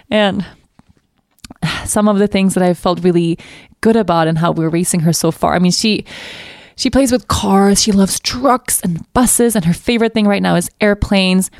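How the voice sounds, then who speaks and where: A woman hosting a podcast, talking through her thoughts in a candid, reflective monologue, laughing often and growing animated as she retells stories. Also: medium pitch, measured pace, pauses often, dry recording, clean studio sound. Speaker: podcast host.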